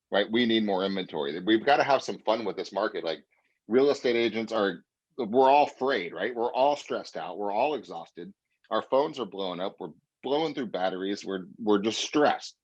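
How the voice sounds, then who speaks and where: A man's voice: fairly low pitch, fairly quick, lo-fi sound. A man giving a pep talk to real estate agents in an emphatic way, often asking "right?". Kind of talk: sales team pep talk.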